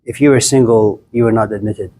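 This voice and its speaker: A man's voice: lowish voice, steady tone, brisk, warm tone, a little hiss or hum. A man giving a live classroom lecture to students, playful and teasing, stacking up jokes through long repetition and calling on students by name.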